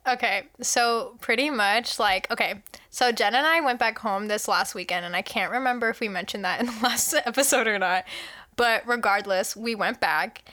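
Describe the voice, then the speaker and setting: Bright-voiced young woman telling stories. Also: fairly high pitch, normal speed. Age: young adult. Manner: animated storytelling, drops to whispers for quoted lines. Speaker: podcast co-host. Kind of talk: casual chat.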